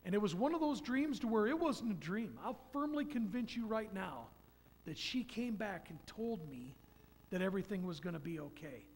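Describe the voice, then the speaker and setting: A man's voice: high voice, lively intonation, normal speed, darkish tone, long reverb tail. A man giving an earnest personal testimony in a church, telling stories about faith. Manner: earnest, storytelling. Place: church sanctuary.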